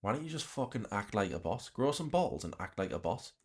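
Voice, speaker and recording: A man's voice: on the low side, sing-song, brisk, slightly rough. A man reacting to a livestream, talking bluntly with an exasperated, ranting manner. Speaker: reaction commentator.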